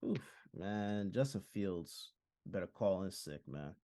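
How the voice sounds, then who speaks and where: A man's voice: low voice, lively intonation, slow, warm tone, dry recording, clean studio sound. A man co-hosting a casual sports podcast, laid-back and sarcastic. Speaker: podcast co-host.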